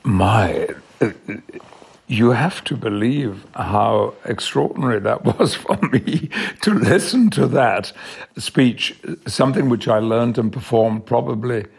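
Gravelly older Englishman, husky. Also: medium pitch. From England. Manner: measured, warmly emphatic, slows on key words. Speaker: guest, actor. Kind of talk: reflective interview answers.

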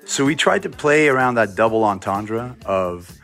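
A man in his forties from Montreal speaks in a fairly low voice as a musician being interviewed. He explains things at an easy pace, with plenty of casual fillers, and a faint bed of music plays underneath. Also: moderate pace. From Montreal, Canada. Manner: relaxed, explanatory, with frequent fillers. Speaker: musician guest.

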